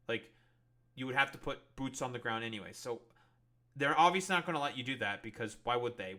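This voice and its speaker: Bright-voiced, exasperated male commentator. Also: mid-range voice. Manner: exasperated, profane, lots of filler. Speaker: political commentator. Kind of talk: reading news aloud and ranting.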